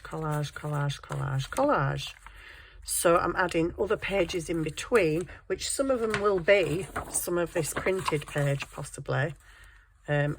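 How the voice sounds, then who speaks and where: A woman with a scratchy throat, chatting casually about her crafting project and now and then addressing her cat. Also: fairly low pitch. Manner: chatty, self-deprecating, talks to her cat. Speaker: crafting vlogger. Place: home craft desk.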